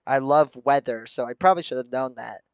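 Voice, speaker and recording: A man's voice: medium pitch, fairly quick, clear, resonant tone, no room sound, highs cut off. Dry-sounding young man reading a game aloud. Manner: reads the story aloud, breaking off into chuckles and joking asides. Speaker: streamer reading a visual novel. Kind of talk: live let's-play commentary mixed with reading aloud.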